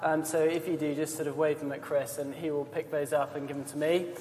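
A man hosting the question session after a talk, polite and measured as he poses questions. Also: a little high, flat delivery, darkish tone, slight background noise. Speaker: event host. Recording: echoey reverberant hall.

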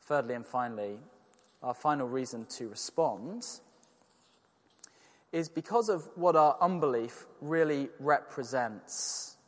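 Earnest preacher in an echoing church. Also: male voice, mid-range voice, animated, a little slow. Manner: earnest, emphatic, with rhetorical questions. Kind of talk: sermon. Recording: long church reverb.

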